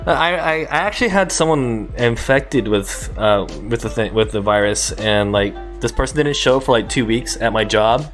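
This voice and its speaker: A man's voice: mid-range voice, lively intonation, normal speed, few pauses, faint music behind. A man hosting a casual podcast chat, laughing often and restarting his sentences. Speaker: podcast host. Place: lives in Japan.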